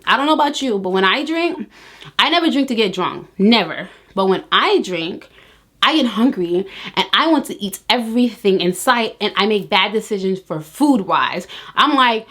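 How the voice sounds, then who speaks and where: A young adult woman vlogger giving weight loss tips in casual chat to camera, sassy and animated, teasing her viewers with slang. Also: medium pitch, moderate pace.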